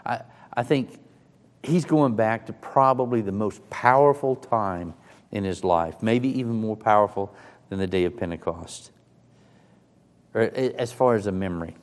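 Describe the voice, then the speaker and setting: A man's voice: fairly low pitch, moderate pace. A man preaching a sermon in a dramatic, emphatic way, sometimes speaking in the first person of the scripture he retells. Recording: long reverb of a large hall.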